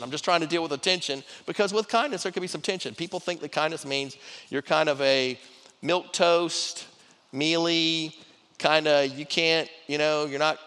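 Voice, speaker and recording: A middle-aged man preaches to his church as its pastor, chatting his way through the sermon and restarting phrases and repeating words. His voice is on the high side and sounds clean and a bit bright. The room adds a long hall reverb.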